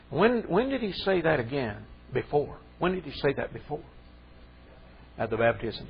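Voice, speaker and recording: A man's voice: on the high side, sing-song, moderate pace, vocal fry, dull audio, slight background noise. A man preaching a sermon in a conversational way that rises into fervent emphasis.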